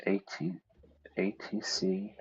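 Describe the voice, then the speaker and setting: A man talks through a detective game in a low voice at an unhurried pace. He reads the clues aloud and reacts loudly when things go wrong. The audio sounds a bit dull and lo-fi. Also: expressive, vocal fry, slight background noise. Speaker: streamer playing a detective game. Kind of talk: casual gameplay commentary.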